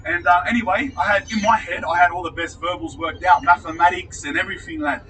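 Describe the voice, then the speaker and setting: A man's voice: sits high, fairly even intonation, quick pace, sharp tone, far from the mic, slight background noise, rough recording. Slangy Australian man telling a story. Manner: rambling, slangy, swearing, laughs at himself. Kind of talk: casual storytelling.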